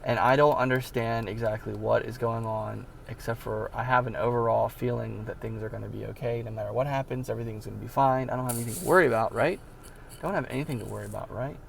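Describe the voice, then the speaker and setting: A man's voice: mid-range voice, vocal fry, a little hiss or hum. A man telling a personal story in a casual, rambling way, with many fillers and sudden bursts of disbelief. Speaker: vlogger telling his life story.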